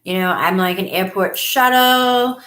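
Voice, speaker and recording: A woman's voice: measured pace, a bit bright. A woman, hosting a casual live stream from home and chatting effusively with viewers on a webcam. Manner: chatty and effusive, often acts out her own past lines in a higher voice. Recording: echoey room sound.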